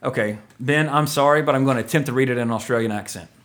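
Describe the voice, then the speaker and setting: A man's voice: mid-range voice, racing, fairly bright tone. A man hosting a podcast in casual chat, rambling and joking, often correcting himself mid-sentence. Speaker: podcast host.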